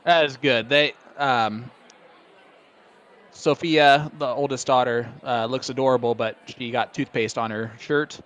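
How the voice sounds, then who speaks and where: A man's voice: medium pitch, fairly even intonation, measured pace, a bit bright, a faint crowd. Joking male darts commentator. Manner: joking, self-deprecating banter. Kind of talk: live sports commentary.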